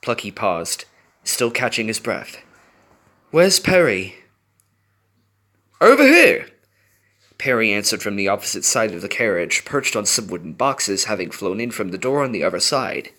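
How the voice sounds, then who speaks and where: A man reading fan fiction aloud in an expressive, storytelling way. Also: fairly low pitch, normal speed. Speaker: reader.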